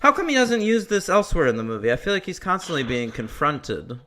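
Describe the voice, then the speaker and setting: A man's voice: a little high, a little fast. A man co-hosting a film podcast, chatting casually with crude jokes. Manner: jokey, animated, crude humor. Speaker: podcast co-host. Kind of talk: casual chat.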